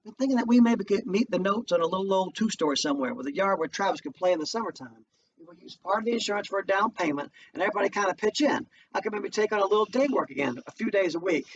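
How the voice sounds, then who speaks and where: A man voicing a devout, weary older mother who speaks in a slow, folksy dialect. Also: high-pitched, lively intonation. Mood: stern. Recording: distant muffled home recording, faint noise.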